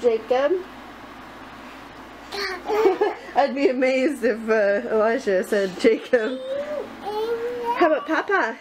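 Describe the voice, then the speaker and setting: A high-voiced woman coos at her baby in slow, sing-song baby talk, laughing easily as she goes. It sounds like a casual home vlog with clear background noise. Her unhurried pace suits a relaxed evening at home. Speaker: vlogger and mother. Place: home, indoors. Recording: noisy home video.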